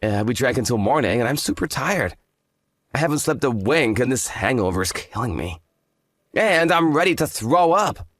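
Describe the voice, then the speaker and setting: A man's voice: mid-range voice, sing-song, moderate pace, fairly bright tone, no echo, studio quality. A man playing a smug hungover fiancé. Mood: dismissive. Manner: condescending, lazy drawl. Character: smug hungover young fiancé, arrogant and dismissive. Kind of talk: dramatized story voice acting.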